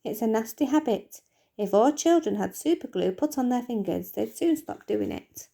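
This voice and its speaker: A woman voicing a sharp-tongued middle-aged mother who talks in a bossy, dismissive way. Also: fairly high pitch, animated, normal speed, gravelly. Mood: scolding.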